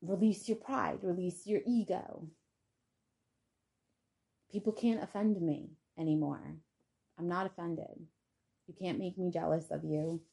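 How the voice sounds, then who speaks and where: A woman's voice: fairly low pitch, fairly even intonation, measured pace, vocal fry, long pauses, mellow. A woman vlogger giving a casual spiritual monologue in a blunt, profane, defiant manner.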